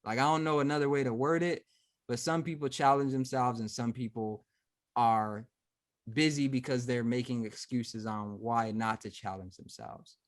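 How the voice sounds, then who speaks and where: A man's voice: medium pitch, fairly even intonation, normal speed. A man hosting a podcast, talking casually and thinking aloud, often restarting his sentences and livening up when he acts out examples. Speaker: podcast host. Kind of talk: casual conversation.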